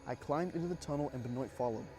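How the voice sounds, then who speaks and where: A man with a dark, mellow, middle-pitched voice tells a haunting war story from his own point of view. As a horror narrator, he stays measured and suspenseful, adds casual asides, and has gentle music playing underneath.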